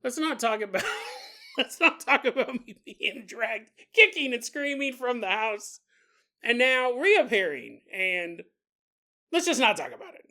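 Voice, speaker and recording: Guy doing a snide rude dad, higher voice, bright and bouncy, jabbing insults. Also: very animated, measured pace, heavily acted. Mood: evasive. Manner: mocking, blunt insults. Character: rude, sneering middle-aged dad.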